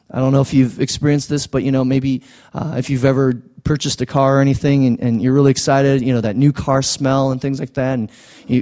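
A man preaching a sermon as pastor in a conversational, halting way. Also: mid-range voice, dark tone.

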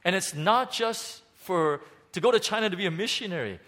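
A man preaching to his congregation, pitched a little high for a man. He speaks in an animated, halting way, stumbling over restarts and fillers as he builds his points. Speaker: pastor. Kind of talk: sermon.

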